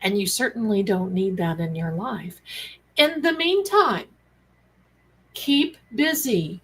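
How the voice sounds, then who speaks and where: A woman hosting a live spiritual talk stream, chatty and animated, calling viewers her darlings. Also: medium pitch, unhurried, a little hiss or hum, low-quality recording. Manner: chatty, animated, acts out quoted dialogue, calls viewers darlings. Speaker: psychic and tarot host.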